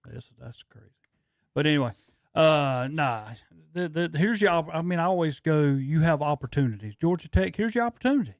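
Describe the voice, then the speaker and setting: A man's voice: fairly high pitch, animated, brisk, no echo, clean studio sound. A man on a sports talk panel, rambling loosely through his picks. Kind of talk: casual sports radio banter.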